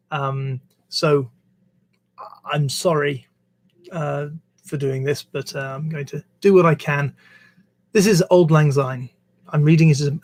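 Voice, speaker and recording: A man with a somewhat high voice reads verse and scripture slowly and carefully on a live stream. Between readings he drops into light, self-mocking, apologetic chat. The sound is close and dry, with no room echo. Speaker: host of a poetry reading stream.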